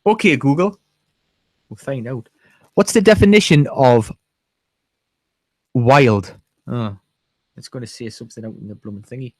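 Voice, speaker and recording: A man's voice: mid-range voice, measured pace, pauses often, no room sound. A man hosting a casual, rambling, jokey chat. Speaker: podcast host.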